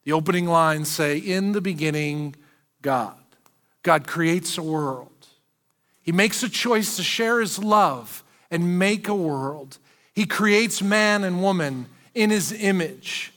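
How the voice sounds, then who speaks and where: High-voiced pastor preaching in a hall. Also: male voice, takes it slowly. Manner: animated, acts out quoted speech. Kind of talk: sermon.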